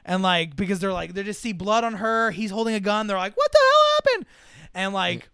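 A man's voice: high-pitched, brisk, vocal fry, smooth, dry recording, clean studio sound. A man co-hosting a casual movie chat, retelling scenes with swearing and acted-out lines. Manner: animated retelling, acts out scenes, swears freely. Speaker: podcast co-host.

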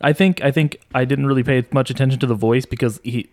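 A man's voice: mid-range voice, fairly even intonation, fast, a little mellow. A man in his thirties co-hosting a casual podcast chat, laughing often and swearing freely as he gets worked up. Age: 30s. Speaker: podcast co-host.

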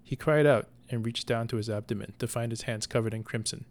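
A man narrating a story in a slow, deliberate scripted reading as the show's storyteller. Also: medium pitch, darkish tone. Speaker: podcast storyteller.

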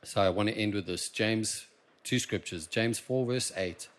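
A South African man preaching a sermon in church, impassioned and swinging from quiet asides to loud emphasis. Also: lowish voice, a little slow. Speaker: pastor.

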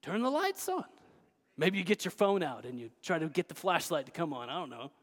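A man preaching a sermon as pastor, emphatic, swinging between loud declarations and hushed asides. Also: on the high side, very animated, brisk, long reverb tail.

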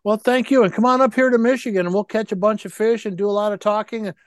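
A male podcast guest with a high, clear voice who talks quickly. He sounds genial and joking, and casually invites the host out for more time together. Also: fairly even intonation, dry recording, studio quality. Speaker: interview guest, fishing writer. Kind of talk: casual interview chat.

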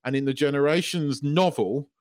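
A man's voice: on the high side, moderate pace, darkish tone. A man co-hosting a podcast, gushing and swearing as an emotional fan in casual chat. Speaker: podcast co-host.

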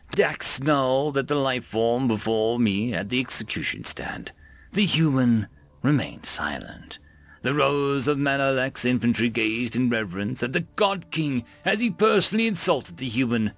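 A man narrating science-fiction short stories in an expressive, dramatic reading style, close to the mic. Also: medium pitch, a little slow, no echo, soft background music. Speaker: story narrator. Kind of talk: sci-fi story reading.

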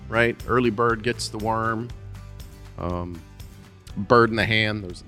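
A male pastor preaching a sermon in a relaxed, conversational way, musing aloud with frequent filler sounds. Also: fairly low pitch, long reverb tail. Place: church sanctuary.

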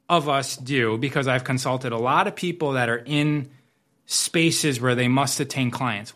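Male coach, medium pitch, motivational monologue, reflective, repeats phrases for emphasis. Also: fairly bright tone. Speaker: business coach. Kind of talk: motivational talk.

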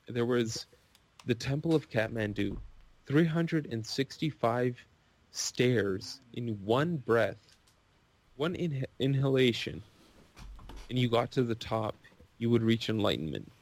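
A man on a podcast, rambling and gushing in an excitable casual rant. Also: medium pitch.

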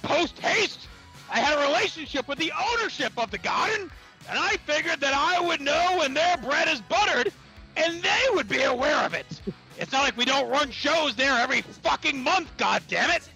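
A man playing a brash, foul-mouthed wrestling promoter who blusters and shouts crude insults. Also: very high-pitched, animated, moderate pace, gravelly, soft background music, exaggerated voice, low-quality recording. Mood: blustering.

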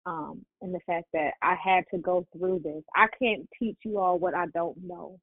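Hosting a prayer call, a woman preaches and exhorts with fervent encouragement in a lowish, steady voice at a moderate pace. The phone line sounds dry and tinny, with no echo.

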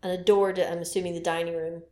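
A woman's voice: fairly low pitch, flat delivery, quick pace, a little mellow, reverberant. A woman co-hosting a podcast, chatting casually and animatedly as she retells a horror film with playful sound effects. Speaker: podcast co-host.

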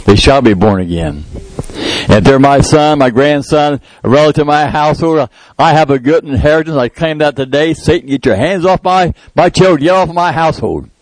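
A man's voice: fairly high pitch, normal speed, no room sound, poor audio. Man preaching a conversational sermon. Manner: conversational preaching, rises to emphatic prayer. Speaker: pastor. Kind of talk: sermon with live demonstration.

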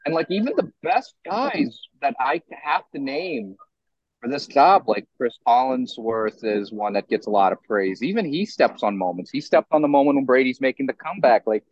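A young man in his twenties co-hosting a sports podcast, ranting in an animated way with lots of restarts. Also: medium pitch, normal speed, no room sound, muffled recording. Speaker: podcast co-host. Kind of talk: casual sports talk.

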